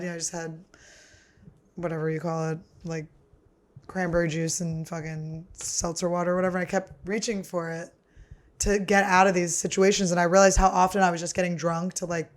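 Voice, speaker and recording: A woman comedian hosting a podcast, telling stories in a casual, chatty way, swearing freely and laughing as she talks. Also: fairly low pitch. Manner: animated, laughs through her stories. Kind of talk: casual storytelling.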